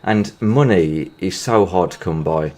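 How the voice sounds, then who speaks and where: Low-voiced stuffy man rambling. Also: measured pace, a little mellow. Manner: rambling and hesitant, full of restarts. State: stuffy-nosed from hay fever. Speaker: gaming video creator. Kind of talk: casual commentary while playing a football video game.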